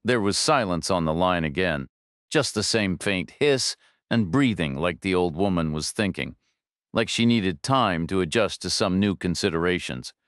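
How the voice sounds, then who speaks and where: A man narrating a thriller audiobook in a steady, measured way, close to the mic. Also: low-pitched, dry recording.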